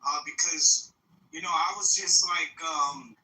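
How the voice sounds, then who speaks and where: A caller making a halting, pleading request in a chat room. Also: medium pitch, sing-song, vocal fry, sharp tone. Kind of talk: casual chat. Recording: roomy, distant mic, faint noise.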